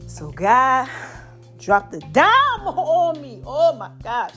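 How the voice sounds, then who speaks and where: Female podcast host, high-pitched, a bit winded, energetic motivational chat with soft music under it. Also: slow pace. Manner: lively, preachy, slangy, calls herself Mama. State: slightly out of breath. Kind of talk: casual inspirational monologue.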